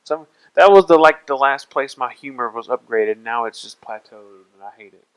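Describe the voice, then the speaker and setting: A man's voice: medium pitch, normal speed, fairly bright tone, smooth, rough recording. A young man co-hosting a podcast in casual chat, teasing his friends and slipping into silly voices. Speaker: podcast co-host.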